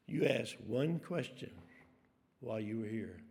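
A man's voice: medium pitch, lively intonation, normal speed, gravelly, darkish tone. A middle-aged man, telling rambling, self-deprecating stories from the pulpit. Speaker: preacher. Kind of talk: storytelling sermon. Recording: long hall reverb.

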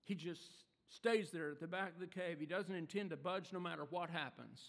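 A man preaching a sermon, retelling a story dramatically with rhetorical questions and shifts from loud to hushed. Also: fairly high pitch, fairly quick, creaky, in a large hall.

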